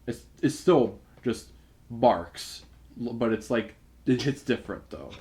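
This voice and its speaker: A man's voice: medium pitch, a little slow, a little mellow, a little hiss or hum. A young man co-hosting a casual podcast, rambling with lots of fillers. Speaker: podcast co-host. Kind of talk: casual chat.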